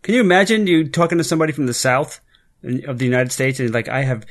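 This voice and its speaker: A man's voice: mid-range voice, quick pace. A man on a podcast panel presenting a segment emphatically, often repeating words as he talks. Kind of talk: casual chat.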